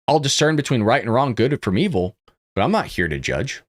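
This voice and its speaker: A male host talks through the news in a loose, chatty livestream style, often checking in with his audience. His pitch rises and falls in a lively, animated way, sitting at an ordinary middle height. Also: a little fast. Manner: chatty, conversational, lots of "you know what I mean". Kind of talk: casual political commentary livestream.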